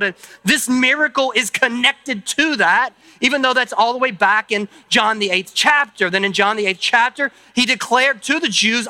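A male pastor delivers a sermon at a church service in a very high, sharp and forceful voice. He speaks conversationally, thinking aloud and checking in with the congregation through little tag questions. The sound is dry, with no room echo.

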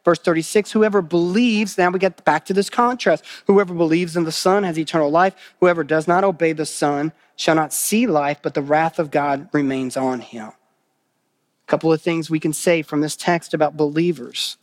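Pastor guy preaching, kinda high voice, earnest, keeps repeating stuff and asking questions, dry sound. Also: fairly even intonation, normal speed, no echo. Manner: earnest, repeats phrases for emphasis, asks the congregation questions. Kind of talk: sermon.

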